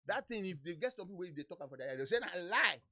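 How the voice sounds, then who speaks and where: A man's voice: high voice, rapid-fire, no room sound. Nigerian man telling stories. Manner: lively anecdotes, acting out quoted people. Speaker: podcast host. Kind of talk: casual storytelling chat.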